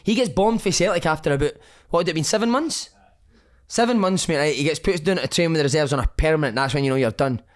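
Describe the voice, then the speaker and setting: Ex-footballer guest, animated storyteller, voice a little high. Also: male voice, quick pace. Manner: animated, swears freely, says "mate" a lot. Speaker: podcast guest, former footballer. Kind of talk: casual anecdote telling.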